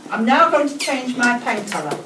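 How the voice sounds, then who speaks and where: A brisk English woman with a fairly high voice leads a school class, drawing out key words slowly for the children. She is picked up from a distance in an echoey classroom, with clear noise behind her. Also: very animated. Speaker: teacher. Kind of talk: whole-class teaching demonstration.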